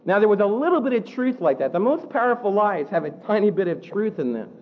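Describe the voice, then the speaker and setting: A man preaching a sermon, animated, acting out the quotes he tells. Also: high-pitched, fast talker, narrow, tinny audio, a little hiss or hum. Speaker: pastor.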